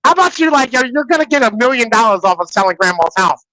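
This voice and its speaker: Brief: profane, animated man, high voice, dry close sound. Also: fast talker, no echo, poor audio. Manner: animated, profane, repeats "you know what I'm saying". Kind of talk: casual profane chat.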